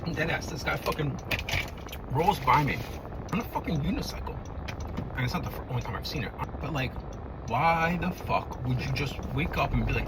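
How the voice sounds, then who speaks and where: A man's voice: mid-range voice, a little fast. Profane New man ranting in a car. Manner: profane, animated, exasperated storytelling. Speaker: vlogger. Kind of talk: casual ranting commentary while driving. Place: inside a car. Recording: lo-fi, distant, loud road noise.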